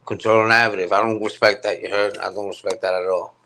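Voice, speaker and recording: A man's voice: fairly low pitch, level tone, fast, pushed and bright. A man ranting casually on his live stream. He repeats himself, uses heavy slang and keeps asking "you heard?".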